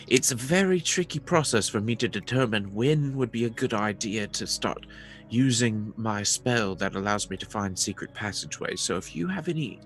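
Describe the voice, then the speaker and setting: A man's voice: on the low side, a bit bright. A man playing in a tabletop game, chatty and rambling, joking in and out of character. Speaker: player. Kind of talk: casual tabletop game chat.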